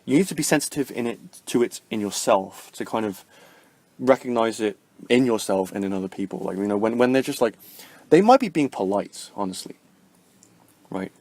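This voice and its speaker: A man's voice: lowish voice, a little fast, a little mellow, dry recording. A man vlogging casually about spiritual self-help, rambling and full of fillers. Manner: rambling, full of "like" and "you know".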